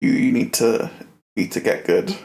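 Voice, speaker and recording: Playing a game in an echoey room, this young male streamer talks at normal speed in a medium pitch. His casual rant is animated and full of swearing, with repeated phrases and stumbles over his words.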